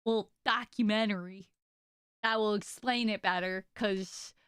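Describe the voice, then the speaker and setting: A young woman streaming casually to her chat, telling stories in an animated, exaggerated way with lots of "like" and "okay?". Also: mid-range voice, unhurried, smooth, no echo, clean studio sound.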